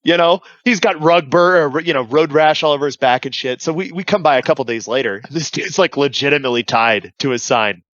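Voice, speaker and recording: A man's voice: a little high, fairly quick, few pauses, a bit bright, no room sound, highs cut off. A man casually telling profane war stories on a podcast, acting out radio calls. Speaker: veteran guest telling stories.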